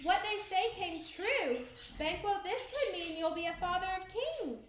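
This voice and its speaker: An ambitious, uneasy warrior lord speaks in an earnest storybook way, as a woman reads him. The voice sits high, and the room is echoey with faint hiss. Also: animated, a little slow.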